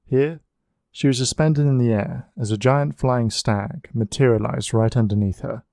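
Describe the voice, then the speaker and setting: A man's voice: medium pitch, gravelly, no room sound. Man reading an audiobook in a dry room. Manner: even, measured reading. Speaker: audiobook narrator. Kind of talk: scripted narration.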